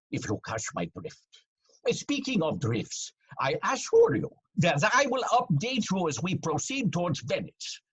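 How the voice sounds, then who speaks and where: An actor playing a pompous male airline captain who drawls grandiose, suggestive announcements in a raspy voice. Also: high voice, fairly bright tone, dull audio, exaggerated voice. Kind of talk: comedic audio drama acting.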